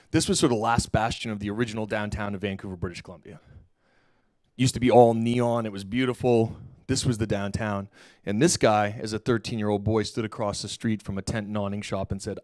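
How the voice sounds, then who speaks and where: Animated low-voiced man telling a story. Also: no room sound, studio quality. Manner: animated, acts out quoted dialogue, casual slang. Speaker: keynote speaker. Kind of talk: storytelling keynote talk. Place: lecture hall stage.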